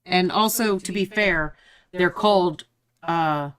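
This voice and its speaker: A woman's voice: lowish voice, takes it slowly, a bit bright, clean tone. Chatty woman co-hosting a live stream. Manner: joking, exasperated, swears freely. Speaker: co-host of a painting stream. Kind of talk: casual chat on a live stream.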